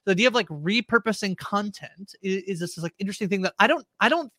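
A woman's voice: medium pitch, fast, bright, forceful tone, no echo, clean studio sound. A woman with an Australian accent co-hosting a podcast, chatting casually and rambling with lots of fillers. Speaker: podcast co-host. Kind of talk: casual chat.

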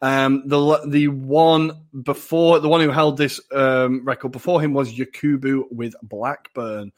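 A man co-hosting a football podcast, excitable and quick to laugh. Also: mid-range voice. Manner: excitable, laughs a lot, swears casually. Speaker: podcast co-host. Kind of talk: casual football chat.

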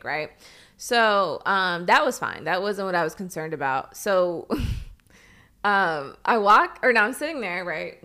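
A woman's voice: mid-range voice, sharp tone. A young adult woman co-hosting a podcast, telling a personal story in casual chat and laughing often. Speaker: podcast co-host.

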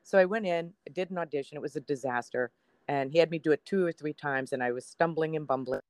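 A woman's voice: deep voice, fast, no room sound. A woman in her sixties, a TV meteorologist guest, telling a personal story in a podcast interview and acting out what people said. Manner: chatty storyteller, acts out quoted dialogue.

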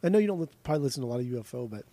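Male podcast co-host, casual and profane, stumbling restarts, dark tone. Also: medium pitch, sing-song, racing, no echo. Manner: rambling, profane, frequent restarts. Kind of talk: casual chat.

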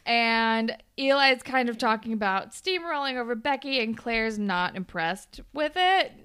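A woman co-hosting a podcast in casual chat, blunt and quick to swear, laughing often. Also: on the high side, expressive, a bit bright, smooth. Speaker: podcast co-host recapping a TV episode.

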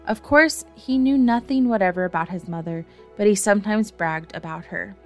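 Gentle woman reading a storybook. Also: medium pitch, normal speed, few pauses, soft background music. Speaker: audiobook narrator. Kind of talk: storybook narration.

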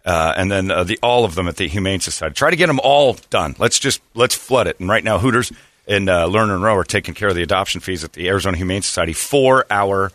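A man's voice: low-pitched, lively intonation, fast, a bit bright, no echo, clean studio sound. A man hosting a morning radio show, chatting casually and rambling through jokes and ads. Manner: rambling, joking, self-correcting.

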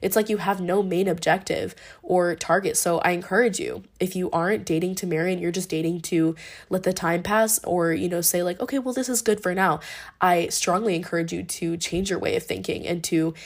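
A woman's voice: fairly low pitch, fairly even intonation, fairly quick. A young woman hosting a podcast, talking through her thoughts in a casual, rambling monologue with lots of fillers and restarts. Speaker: podcast host.

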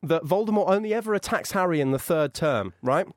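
A man in his twenties chatting as a podcast guest, animated and sarcastic, mocking the people he talks about. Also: fairly high pitch, fairly quick, dry recording, studio quality. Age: 20s. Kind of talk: casual podcast chat.

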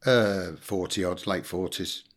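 Deep-voiced blunt English storyteller man. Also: a little slow. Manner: blunt anecdotal storyteller, swears, acts out quotes. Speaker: guest, former football manager. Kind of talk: casual storytelling interview.

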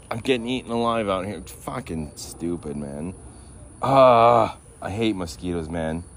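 A man's voice: fairly low pitch, a little mellow. A man hosting a podcast outdoors, ranting in a sardonic, profane, rambling way. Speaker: podcast host. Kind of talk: casual profane rant.

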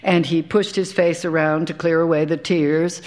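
A woman's voice: low voice, steady tone, normal speed, darkish tone. A woman, an actor, giving a live dramatic reading of a first-person short story, in a wry, conversational way with dry asides. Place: live stage performance.

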